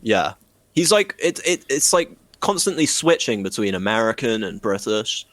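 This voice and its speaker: Animated man, very lively pitch. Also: moderate pace. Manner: animated, swings into mock voices and swearing. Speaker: podcast co-host. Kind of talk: casual comedic chat.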